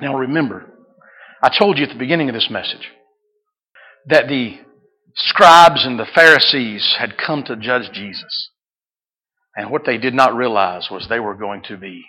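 A male pastor preaching a sermon, moving from hushed pleading to loud, fervent preaching. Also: mid-range voice, poor audio. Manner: swings from hushed pleading to shouted fervor.

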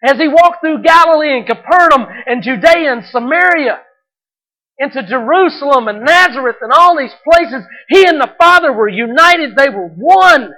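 A man's voice: very high voice, lively intonation, normal speed, bright, forceful tone, low-quality recording. A man preaching a sermon as pastor, earnest and emphatic, repeating his points for weight.

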